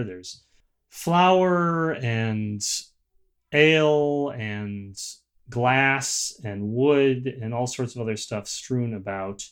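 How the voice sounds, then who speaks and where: A man narrates a tabletop game as game master, pausing often with ums and uhs while he lays out the action. His voice sits at a plain middle pitch. He talks in a relaxed, explanatory way. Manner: hesitant, lots of ums and uhs.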